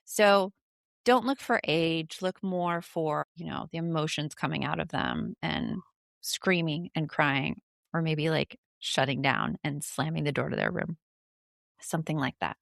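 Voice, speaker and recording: A woman's voice: deep voice, animated, a little slow, vocal fry, no echo, studio quality. A woman podcast host giving casual parenting advice, speaking directly and frankly to the listener.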